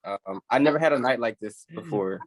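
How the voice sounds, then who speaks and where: A man's voice: mid-range voice, lively intonation, fairly quick, a crowd in the background. A young man hosting a podcast, telling a long story in a rambling, casual way, full of likes and restarts. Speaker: podcast host. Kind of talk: casual chat.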